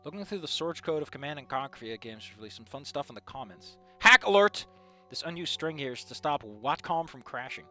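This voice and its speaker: A young man reading fan fiction aloud and ranting about it, with animated, sweary, exasperated outbursts. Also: medium pitch, fairly quick, hardly any pauses, soft background music.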